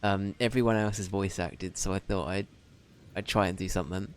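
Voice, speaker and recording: A man's voice: low voice, fairly even intonation, fairly quick, slight background noise. Chatty male game streamer. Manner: chatty, rambling, self-deprecating. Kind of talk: casual live commentary.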